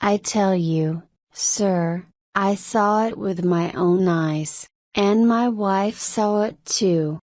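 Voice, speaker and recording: An enraged, pompous middle-aged man , as a woman reads him in a storybook. He speaks at a very slow, measured pace, with a dry, close sound. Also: mid-range voice, no echo. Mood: outraged. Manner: indignant, shouting.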